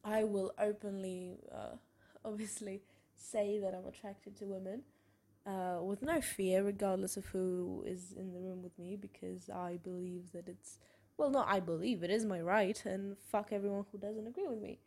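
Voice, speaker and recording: A young woman hosting a podcast, telling personal stories in a frank, expressive way, with swearing and small laughs. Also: medium pitch, moderate pace. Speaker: podcast host. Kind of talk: candid personal monologue.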